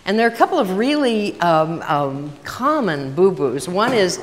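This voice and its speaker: Older lady w/ a low voice doing a chatty workshop talk, long hall echo. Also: very animated, normal speed. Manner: chatty storytelling, acts out dialogue. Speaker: workshop speaker. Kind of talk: talk to a live audience. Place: large hall with audience.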